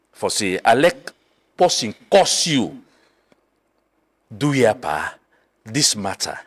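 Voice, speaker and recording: A middle-aged man from Sierra Leone with a Krio accent, a political guest telling a story in an animated way, mixing Krio and English. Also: on the low side. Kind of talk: political talk show discussion.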